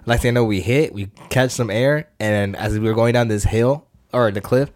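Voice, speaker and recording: A man's voice: medium pitch, normal speed, a little mellow. A man, co-hosting a podcast, telling a story in a slangy, rambling way, swearing and acting out voices. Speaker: podcast co-host. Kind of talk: casual chat.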